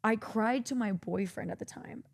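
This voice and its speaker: A woman's voice: mid-range voice, moderate pace, creaky. A young woman from Texas, streaming host telling a story in casual chat, swearing freely and acting out quotes. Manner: animated, swears freely, acts out quotes in a raised voice.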